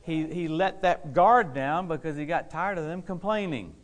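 A man preaching a lively sermon to a responding congregation, exuberant, laughing often and repeating key phrases for emphasis. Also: fairly high pitch, moderate pace. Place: church service with a responding congregation.

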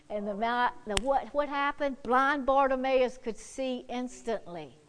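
A woman pastor preaching fervently, swinging from loud exclamations to hushed prayer. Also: high voice, slight background noise. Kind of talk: sermon.

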